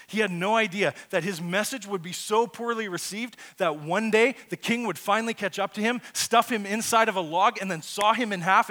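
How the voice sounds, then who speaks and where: A pastor preaching a sermon in an earnest, conversational way that swells into loud, emphatic peaks. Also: male voice, on the high side.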